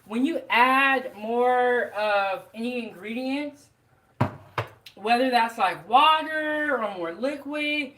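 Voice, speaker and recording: A woman with a fairly high voice talks viewers through her cooking in a home kitchen. She is relaxed and chatty, calls her audience y'all, and laughs often as she goes. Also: slow pace, noisy background. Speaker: home cook hosting a cooking channel. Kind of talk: casual cooking vlog, talking while cooking.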